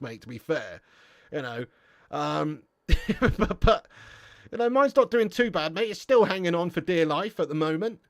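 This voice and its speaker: A young Englishman with a fairly high voice hosts a football live stream, reading chat messages and bantering with viewers. His talk is slangy, full of swearing and laughter, and the audio has no room sound.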